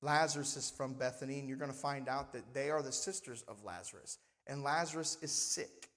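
A man's voice: medium pitch, fairly quick, a bit bright, big-room sound. A male pastor preaching a sermon in a conversational manner, often asking the congregation for responses. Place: church sanctuary.

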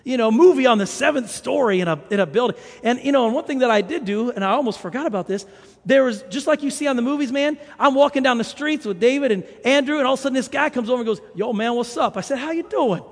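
Guy preaching in a church, high voice, chatty and animated, lots of echo in the hall. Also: quick pace. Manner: animated storyteller, chatty asides to the congregation. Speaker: pastor. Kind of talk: conversational sermon with anecdotes. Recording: long hall reverb.

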